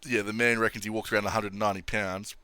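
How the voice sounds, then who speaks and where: A man's voice: fairly low pitch, flat delivery, fast, sharp tone, clean tone, dry recording, clean studio sound. A young man hosting a casual MMA opinion vlog, blunt and sweary, laughing often. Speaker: MMA commentary channel host.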